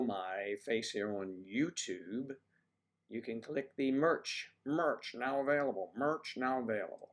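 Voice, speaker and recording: A man's voice: mid-range voice, unhurried. A man hosting a casual livestream, chatting to viewers in a playful, rambling way with teasing asides. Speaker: livestream host.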